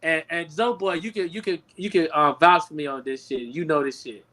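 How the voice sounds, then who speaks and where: A male comedian co-hosting a podcast, talking with preachy, drawn-out emphasis and plenty of swearing. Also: a little high, a bit bright. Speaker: comedian co-host. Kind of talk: casual chat.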